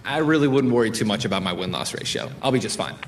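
A man's voice: on the low side, expressive, fast, slight background noise. A man taking questions in a comedy announcement sketch, confident and playful. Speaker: streamer.

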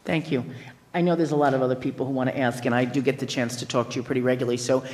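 A woman chairing a legislative hearing, speaking in a brisk, teasing, friendly way. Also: a bass voice, fairly even intonation, a little mellow. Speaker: committee chairwoman.

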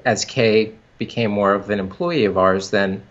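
Halting low-voiced man, lo-fi sound. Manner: halting, many restarts and fillers. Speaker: company founder, guest. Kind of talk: casual interview talk.

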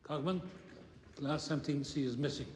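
A man's voice: a little high, fairly even intonation, a little mellow, slight background noise, natural voice. Edmund Burton, a man playing an eccentric older lord. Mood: dry. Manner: brisk, dry, rambling.

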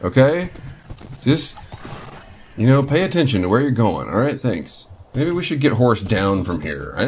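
A man's voice: on the low side, slight background noise. A man casually commenting on his own gameplay, joking and talking to his game horse. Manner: playful, talks to his game horse in mock apology. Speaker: gaming channel host.

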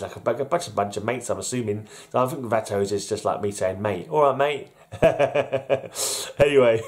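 A man's voice: on the low side, darkish tone. Chuckling, rambling man. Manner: rambling, chuckling, self-deprecating. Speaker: vlog host. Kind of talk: casual solo vlog chat.

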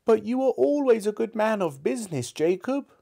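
A man voicing a frightened old miser, with a high, faltering, pleading voice. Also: animated, normal speed, gravelly, warm tone, full character voice.

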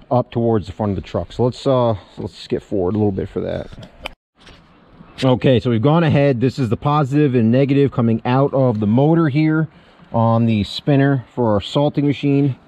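A man with a mellow, warm voice talks through a do-it-yourself wiring job on his truck, relaxed and loose as he works with his hands. The recording sounds slightly dull and lo-fi, made outdoors. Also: medium pitch. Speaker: small business owner showing a truck equipment setup. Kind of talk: casual how-to vlog.

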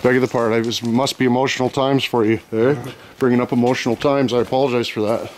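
A man's voice: mid-range voice, steady tone, fast, noisy background. A man, vlogging outdoors by a store, swearing constantly, teasing his friends and laughing a lot. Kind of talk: rowdy casual banter.

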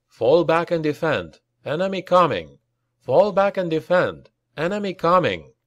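A man narrating a fantasy battle audiobook with slow, deliberate reading and acted dialogue. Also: mid-range voice, no room sound, clean studio sound.

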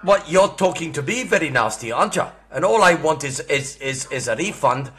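Brief: older Australian man, sixties, crude mocking prank caller, lively swooping voice. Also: a little high, normal speed, husky. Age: 60s. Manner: foul-mouthed, mocking, bursts into furious shouting. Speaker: scam baiter.

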